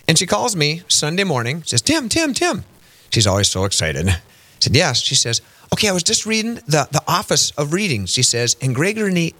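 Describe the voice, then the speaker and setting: A male radio host talks through a teaching segment in a lively, sing-song way, his pitch leaping as he mimics the people in his story. He keeps throwing rhetorical questions at his listeners. His voice sits at an ordinary middle pitch. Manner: animated storytelling, acts out quoted voices with big pitch jumps. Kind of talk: radio faith talk, catechetical teaching. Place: radio studio.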